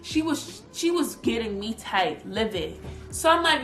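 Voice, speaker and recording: A young woman vlogger recounts a story with heat, slipping into squealing impressions of other people. Her voice sits fairly high, and she is recorded in an echoey room with music playing softly behind her. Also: a little slow. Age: young adult. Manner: animated, heated retelling with squealed imitations of others. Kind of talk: storytime vlog.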